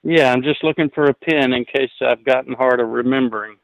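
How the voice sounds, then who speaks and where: A man from New Jersey, a musician guest in a casual interview, talking in a relaxed, rambling way with many fillers. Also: medium pitch, a little fast, no room sound, highs cut off. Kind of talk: casual interview over the line.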